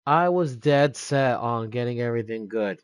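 A man giving casual let's-play commentary on a horror game, excitable, swearing and joking with his viewers. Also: mid-range voice, normal speed, no echo. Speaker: gaming YouTuber.

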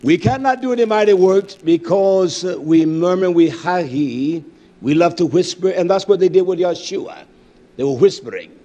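A man preaching a fervent sermon, reading scripture aloud with many fillers and hallelujahs, swinging from loud declaring to low muttering. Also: expressive, moderate pace.

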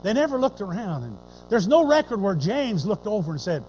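High-voiced preacher man, folksy and animated, going from loud to hushed. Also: brisk, a little hiss or hum, low-quality recording. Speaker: pastor. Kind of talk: sermon.

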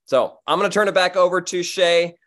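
Male team host, excited and casual, video-call sound. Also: sits high, a little fast. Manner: enthusiastic, casual, many fillers. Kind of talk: upbeat company meeting talk.

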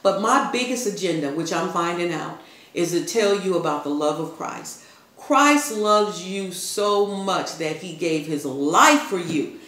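An older woman, telling a story and preaching to her channel's viewers in a lively, conversational way. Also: medium pitch. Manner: animated, preachy, addresses viewers as y'all. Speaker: vlogger. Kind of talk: casual storytelling and faith talk. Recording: echoey room.

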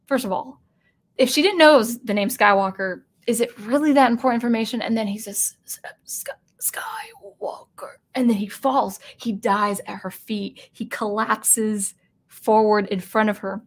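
A woman hosting a spoken commentary video, animated and given to restarts, who acts out the lines she quotes. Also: fairly high pitch, moderate pace.

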